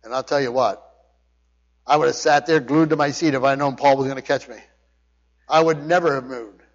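A man's voice: medium pitch, steady tone, brisk. A male pastor preaching a sermon, emphatic, often restarting his words as he explains a passage. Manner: emphatic preaching with frequent restarts and word study. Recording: dull sound with long hall reverb.

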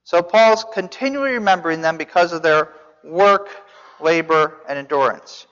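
A man's voice: fairly high pitch, normal speed, a bit bright. A man teaching a Bible sermon as a pastor, conversational, asking his listeners questions with some restarts. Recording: dull sound in a reverberant hall.

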